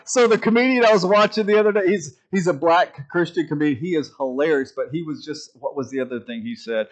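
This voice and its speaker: Animated middle-aged man, informal preaching. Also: fairly high pitch, fast talker, few pauses. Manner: conversational, mimics voices in quotes, animated storytelling. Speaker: Christian speaker.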